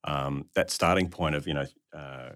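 A man's voice: extremely low pitch, steady tone, normal speed, a bit bright, clear, resonant tone, no echo, studio quality. A man hosting a conversational interview podcast, affirming his guest and talking with frequent restarts. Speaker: podcast host.

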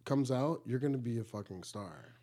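A man's voice: medium pitch, lively intonation, moderate pace, warm tone. A man hosting a podcast, chatting casually and teasing his guest with joking, prodding questions. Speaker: podcast host. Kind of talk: casual interview chat.

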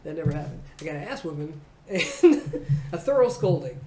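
A comedian in her forties tells a childhood story in an interview, lively and laughing, acting out the people in it. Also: low voice, normal speed, a crowd in the background. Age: 40s. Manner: animated, acting out voices, laughing. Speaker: comedian guest. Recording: roomy echo, faint noise.

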